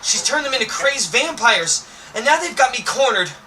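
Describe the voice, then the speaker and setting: A man voicing a frightened kid protagonist who talks in a shrill, pleading, frantic way. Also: sing-song, normal speed, bright, forceful tone, exaggerated voice. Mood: panicked. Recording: distant mic with faint noise.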